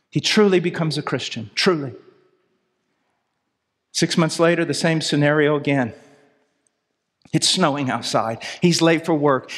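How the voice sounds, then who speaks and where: Man, middle-aged, preacher, impassioned sermon, high voice, long hall echo. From United States. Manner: impassioned, swings from loud pleading to low intensity. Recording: long reverb of a large hall.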